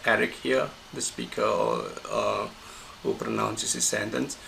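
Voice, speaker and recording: A man explaining stress and intonation in a recorded lesson, halting often to find the word. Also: fairly low pitch, huge pitch swings, creaky, sharp tone, a little hiss or hum, low-quality recording. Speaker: English pronunciation teacher.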